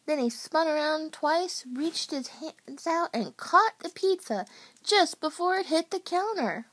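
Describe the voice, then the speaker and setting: A woman reading a children's storybook aloud at bedtime, gentle and unhurried. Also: sits high, expressive.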